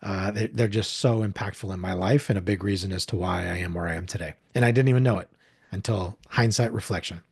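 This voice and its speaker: A man's voice: low-pitched, quick pace, husky. A man in his forties from upstate New York, a podcast guest telling heartfelt stories in a casual, earnest way. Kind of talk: casual conversational storytelling.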